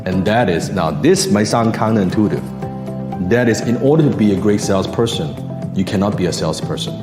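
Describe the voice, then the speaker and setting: Animated man coaching on sales, echoey. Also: a little fast, music in the background. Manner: animated, acts out voices with big pitch swings. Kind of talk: motivational talk.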